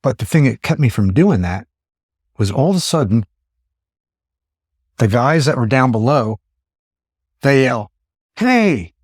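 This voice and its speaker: A man's voice: medium pitch, expressive, measured pace, pauses often, husky, no room sound, clean studio sound. A man in his fifties, a podcast host telling a story in casual chat and acting out his own thoughts in exclaimed asides. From Pennsylvania. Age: 50s.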